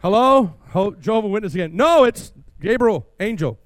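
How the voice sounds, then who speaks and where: A man preaching an energetic sermon as pastor in a church, calling on the congregation to respond. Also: high-pitched, normal speed, few pauses.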